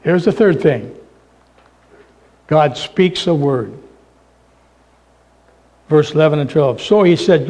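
A man with a notably high-pitched voice delivers a sermon. He builds to emphatic, raised points, then drops to a near-whisper to let the quiet lines land. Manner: dramatic swings from loud emphasis to hushed near-whisper. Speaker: pastor.

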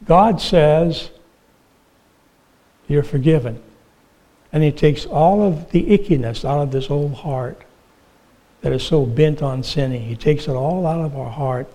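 A man preaching a sermon, telling illustrative stories and asking the congregation questions, with frequent "uh" pauses. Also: on the high side, dark tone, low-quality recording. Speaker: pastor.

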